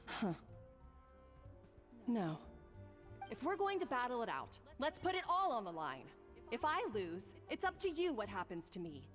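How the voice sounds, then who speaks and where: An actress playing a proud, touchy young head chef in a game, snapping defiantly, with lively pitch in audio with long reverb. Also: female voice, a little slow, pauses often, faint music behind, heavily acted.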